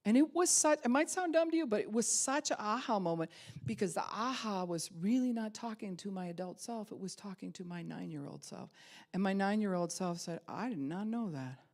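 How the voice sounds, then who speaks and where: A middle-aged woman pastor preaching a sermon, telling a personal story and swinging from loud emphasis to hushed whispers. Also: mid-range voice, a little fast.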